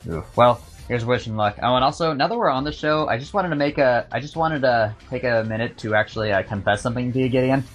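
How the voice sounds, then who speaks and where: A man's voice: mid-range voice, fast talker, few pauses, soft background music. A man hosting a casual podcast chat, telling stories with many restarts and filler words. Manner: rambling storyteller with many restarts. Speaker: podcast host.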